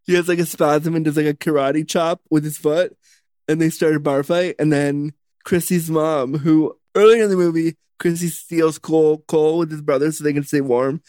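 A man's voice: a little high, steady tone, normal speed, darkish tone, no echo. A man casually recapping a film with jokes and swearing, in a rambling chat.

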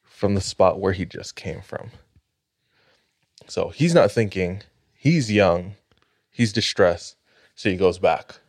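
A man hosting a podcast, telling a spooky story in a measured, dramatic way. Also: low-pitched, no room sound, clean studio sound. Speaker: podcast host.

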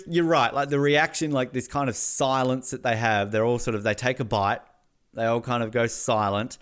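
Australian man, podcast co-host, excitable, swears freely, mid-pitched voice. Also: brisk, clean tone. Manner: excitable, swears a lot, acts out quotes. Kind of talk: casual comedic recap chat.

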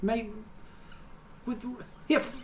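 A game master voicing a wary, cheeky female forest bird in a tabletop game, halting and chirpy in delivery. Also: a crowd in the background, natural voice.

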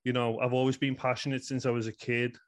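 Speaking quickly in a flat, mid-range voice, a Liverpool-accented guest in his thirties from England recounts a personal story with earnest sincerity. He rambles, peppering it with "you know."

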